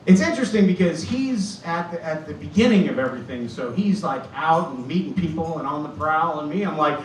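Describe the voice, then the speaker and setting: A man in his fifties performs a stand-up story, acting out the voices of the people in it. His voice sits a little high, and it reaches the mic from across an echoey club, with constant ambience underneath. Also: animated, brisk, hardly any pauses, recorded from a distance, slight background noise. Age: 50s. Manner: storytelling, acts out quoted voices. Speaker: stand-up comedian. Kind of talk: stand-up set. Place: comedy club stage.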